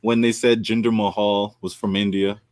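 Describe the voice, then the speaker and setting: A man co-hosting a wrestling podcast in casual chat, animated and argumentative, often laughing. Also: fairly low pitch, moderate pace, dry recording. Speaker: podcast co-host.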